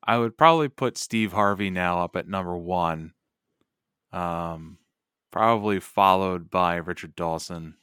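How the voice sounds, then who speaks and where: A man co-hosts a podcast in casual, sarcastic chat. His voice sits low yet sounds bright and crisp. The recording is dry and close. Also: unhurried, no echo. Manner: sarcastic, joking. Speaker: podcast co-host.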